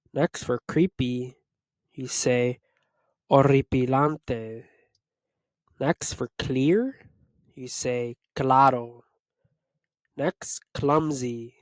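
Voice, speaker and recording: A man teaching Spanish, reading a vocabulary list and repeating each word slowly to drill it. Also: mid-range voice, darkish tone, no echo. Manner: slow, repetitive word-by-word drilling. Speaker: Spanish tutor. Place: Los Angeles area.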